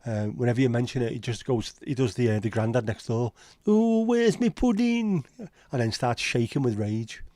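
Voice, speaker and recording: A man's voice: medium pitch, flat delivery, brisk, few pauses, darkish tone, no room sound, clean studio sound. A man with a Liverpool accent hosting a casual livestream chat, rambling and opinionated with frequent swearing. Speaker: livestream host.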